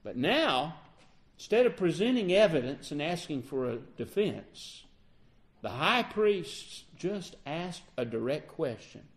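A man preaching a sermon, acting out the quoted dialogue with lively emphasis. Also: on the high side.

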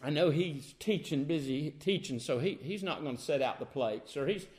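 A man's voice: on the high side, moderate pace, darkish tone, pitched below the performer's own voice, close to an everyday voice. A preacher acting out a fretful, overworked woman who scolds her guest for not helping. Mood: grumbling. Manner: scolding, exasperated complaint.

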